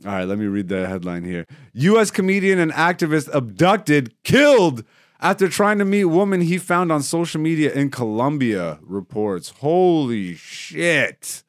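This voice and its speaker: A man co-hosting a podcast in casual, profane chat, loudly reading a news story aloud and laughing often. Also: on the high side, very animated, a little slow, no room sound, clean studio sound. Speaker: podcast co-host.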